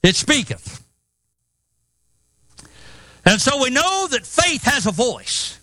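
Man, preacher, emphatic sermon delivery, dry close sound, very high voice. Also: big pitch swings, takes it slowly, bright, forceful tone, dry recording. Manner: emphatic preaching, quotes scripture, rising intensity.

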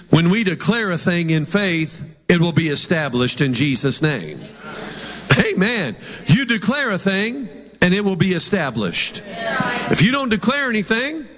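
A man's voice: high voice, fairly bright tone. Emphatic male preacher in a reverberant hall. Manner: emphatic, call-and-response preaching. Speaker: pastor. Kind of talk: sermon.

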